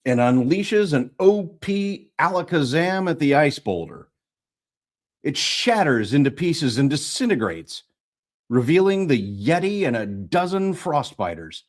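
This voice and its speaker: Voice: medium pitch, big pitch swings, a little slow. An audiobook narrator reading a comic fantasy story live, retaking and repeating lines, with playful voice acting.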